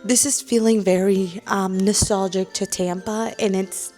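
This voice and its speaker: A woman's voice: medium pitch, steady tone, a little slow, dark tone, soft background music. A young woman in her twenties vlogging casually at home at night about the books she is reading, gushing and dramatic, swearing freely. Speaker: book vlogger. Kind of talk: casual vlog chat.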